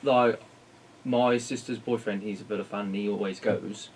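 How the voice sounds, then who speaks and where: Guy co-host, lowish voice, animated chat, mic far off with faint hiss. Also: creaky. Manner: animated, quick, full of "like". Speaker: podcast co-host. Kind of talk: casual chat.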